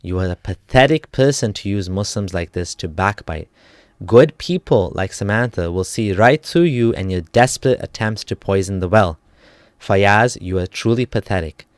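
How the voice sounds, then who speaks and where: Man, lowish voice, sarcastic rebuttal, dry close recording. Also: lively intonation, normal speed, dry recording. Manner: cutting, sarcastic, point-by-point rebuttal. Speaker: ex-Muslim YouTuber. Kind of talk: argumentative response monologue.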